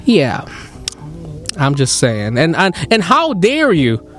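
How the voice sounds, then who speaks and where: Animated Filipino-accented man telling a story. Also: slow, over music. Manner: animated, swings into high excited voices for quoted lines. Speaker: podcast host. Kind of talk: casual storytelling chat.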